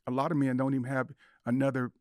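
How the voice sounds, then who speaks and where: An older man in his sixties chatting on a podcast in an earnest, storytelling way, lowering his voice to act out bits of dialogue. His voice sits at an ordinary middle pitch. The recording is close and dry. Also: completely flat delivery, quick pace, darkish tone, no echo. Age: 60s. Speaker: podcast guest. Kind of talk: casual podcast conversation.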